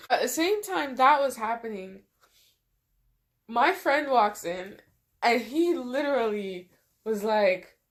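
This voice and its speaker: A woman's voice: fairly high pitch, animated, takes it slowly, long pauses. Woman telling an emotional personal story. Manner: conversational, frequent "you know" asides; emotional, close to tears at times. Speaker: vlogger. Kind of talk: casual storytime.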